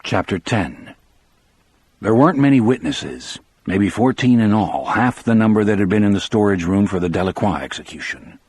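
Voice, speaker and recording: Man, first-person audiobook narration, low husky voice, dry close sound, steady. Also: moderate pace, no echo.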